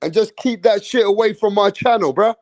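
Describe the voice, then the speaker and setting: A man's voice: high voice, a little fast. Slangy man scolding a chat. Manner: streetwise slang, chiding, repeats "bruh" and "man". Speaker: boxing channel host. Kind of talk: casual livestream rant.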